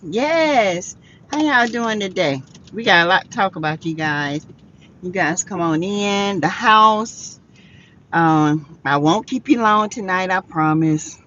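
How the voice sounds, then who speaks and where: A woman's voice: mid-range voice, lively intonation, slow, fairly bright tone, slight background noise. A woman hosting a casual live chat, tired, laughing often and greeting viewers by name. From South Carolina. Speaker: livestream host. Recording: dull lo-fi sound.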